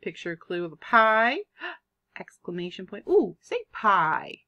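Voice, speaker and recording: A woman teaching a kindergarten reading lesson, sounding out words in an animated, drawn-out way. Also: medium pitch, dull audio. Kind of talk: online phonics lesson for young children.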